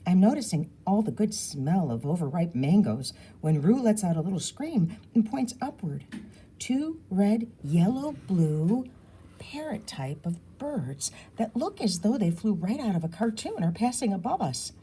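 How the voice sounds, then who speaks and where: A woman reading a children's novel aloud in a lively, expressive storytelling manner. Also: medium pitch, a little slow, slightly rough. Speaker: audiobook reader.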